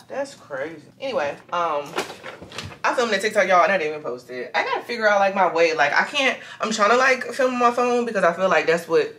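In an echoey room at home, a young woman vlogs in a rambling, candid, casual way, sprinkling in plenty of "y'all" and "like." Her voice sits on the high side with a fairly bright tone, and there's slight background noise.

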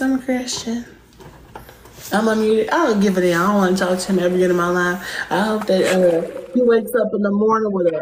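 Brassy female streamer, theatrical profane ranting, average pitch, echoey room. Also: slight background noise. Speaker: livestream host. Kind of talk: livestream rant.

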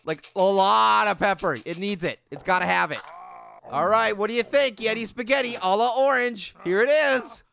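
A man's voice: high-pitched, moderate pace, gravelly, bright, forceful tone, exaggerated voice. A man voicing a goofy, mischievous male talking orange, giving teasing let's play commentary with lots of giggles. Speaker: game commentator.

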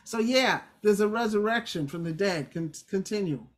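A woman's voice: mid-range voice, expressive, normal speed. A woman teaching scripture in an informal, emphatic, conversational way, with playful asides. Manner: conversational, emphatic, acts out quotes. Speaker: Bible study teacher.

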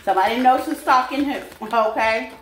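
Speaking a little fast in a high-pitched voice, a tarot reader chats casually with her viewers, laughing a lot and calling them babies. Faint noise sits in the echoey room.

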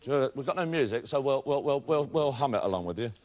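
A man's voice: medium pitch, expressive, quick pace, darkish tone. A man hosting a game show in a TV studio, teasing his guests with jokey banter. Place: TV studio with a live audience. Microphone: body mic. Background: studio audience.

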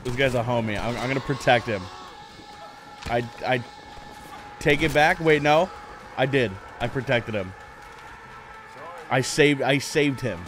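Slow, joking male game streamer. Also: mid-range voice, music in the background. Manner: joking, playful, blurts mock gunshot sounds. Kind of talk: gameplay commentary.

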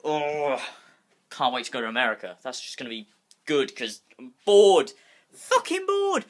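In a mid-range voice at normal speed, a young man records a casual vlog in his bedroom, holding his phone in hand. He's animated, restless and rambling, and he swears freely.

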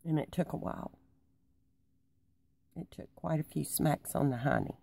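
A middle-aged woman, talking to her viewers in a folksy, meandering way that sometimes drops to a hushed near-whisper. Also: sits low, moderate pace, creaky, breathy edge, no echo. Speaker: Christian vlogger. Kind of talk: casual rambling talk to camera.

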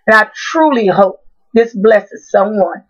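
A woman's voice: mid-range voice, lively intonation, slow pace, slightly rough, highs cut off. A woman giving an earnest spoken-word poetry recital, introducing and then reading her own poem with emphasis. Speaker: poet.

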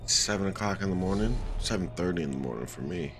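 A man's voice: deep voice, animated, fast talker, slight background noise. A tired young man with a groggy morning voice, rambling laid-back commentary while streaming a video game. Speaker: let's play streamer. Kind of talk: casual gameplay commentary.

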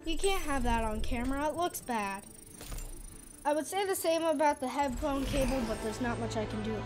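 A young woman commentating her own gameplay in a casual, chatty, self-deprecating way on a boom arm mic, with sudden loud exclamations. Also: lively intonation, normal speed, soft background music. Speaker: gaming channel host. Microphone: boom arm studio mic.

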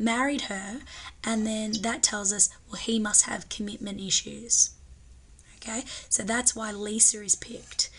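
A woman teacher, slightly breathy, explaining a film scene in a chatty way and often checking in with tag questions. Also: mid-range voice, fairly bright tone. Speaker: English teacher. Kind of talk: film analysis lesson.

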